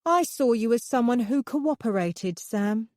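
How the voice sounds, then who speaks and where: A woman's voice: fairly low pitch, normal speed, warm tone, dry recording, clean studio sound, close to an everyday voice. A woman voicing a cold, detached male police officer who speaks in a clipped, patronizing, matter-of-fact way.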